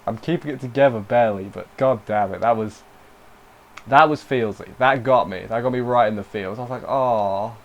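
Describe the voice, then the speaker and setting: A man's voice: medium pitch, fairly quick, dull audio. A young man giving a casual spoken review of an anime episode, rambling and breaking off mid-sentence with emotional asides.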